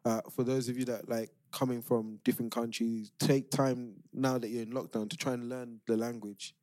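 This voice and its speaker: A man's voice: medium pitch, little pitch movement, moderate pace, darkish tone, no echo. A man with a London accent, co-hosting a podcast, giving earnest advice in casual chat and often restarting his sentences. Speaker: podcast co-host.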